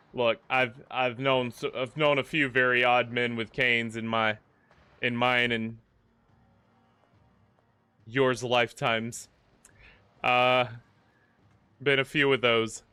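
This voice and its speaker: Chatty bright-voiced gaming streamer. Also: male voice, mid-range voice, clean tone, no room sound. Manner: chatty, jokey, talks to the game characters. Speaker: gaming livestream host. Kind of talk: casual live commentary.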